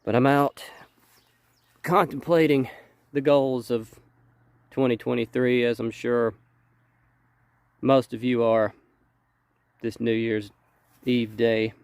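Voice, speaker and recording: A man with a nasal, congested voice from a cold, talking casually outdoors and explaining things in a relaxed way. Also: mid-range voice, slow pace, pauses often, clean tone, no room sound. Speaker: homesteader vlogger. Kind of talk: casual outdoor walk-and-talk. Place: outdoors at a rabbit pen.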